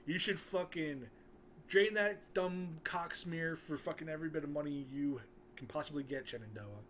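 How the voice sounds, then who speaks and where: A man's voice: on the high side, normal speed, a bit bright, slight background noise. A man giving an angry, profane rant in a video commentary, swearing constantly.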